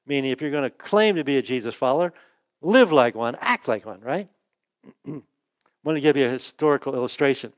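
A pastor giving a conversational sermon at a church service, often asking "right?" and acting out the quotes he reads. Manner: chatty, asks "right?" often, acts out quotes with raised pitch.

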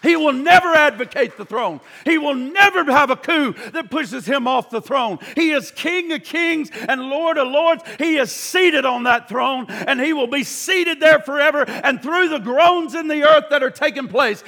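A man preaching a sermon with fervor, shouting the high points and sinking to a quiet, hushed voice for the solemn passages. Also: lively intonation, normal speed, gravelly, hardly any pauses. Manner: impassioned, shouting at peaks, then dropping to a hushed low voice.

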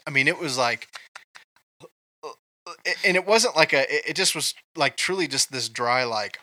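A man's voice: medium pitch, moderate pace, long pauses, pushed and bright, no echo. A man from Kansas co-hosting a casual movie chat, telling rambling stories with many ums. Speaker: podcast co-host.

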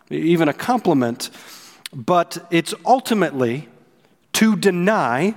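A man's voice: fairly high pitch, in a large hall. A man preaching a sermon in an earnest, emphatic way, with frequent fillers and restarts. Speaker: pastor.

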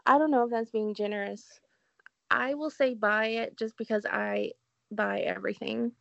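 A woman's voice: on the high side, fairly even intonation, normal speed, gravelly, a bit bright, dry recording, muffled recording. A woman with a Southern US accent co-hosting a casual film podcast, laughing often with dry humor. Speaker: podcast co-host. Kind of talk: casual film review chat.

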